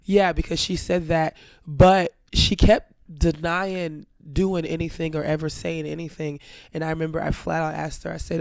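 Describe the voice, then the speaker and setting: Blunt, gravelly-voiced woman storyteller. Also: sits low, normal speed, few pauses, dry recording, clean studio sound. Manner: animated, blunt, swears freely. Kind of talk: casual storytelling chat.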